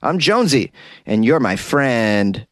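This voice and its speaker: A male comedian hosting a comedic news podcast, delivering the stories with wry, deadpan asides. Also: mid-range voice, measured pace, dry recording. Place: inside a closet.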